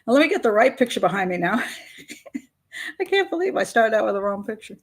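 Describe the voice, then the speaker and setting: A woman's voice: fairly high pitch, sing-song, fairly quick. An older woman hosting a live stream, chatting casually and rambling with frequent laughs. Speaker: host.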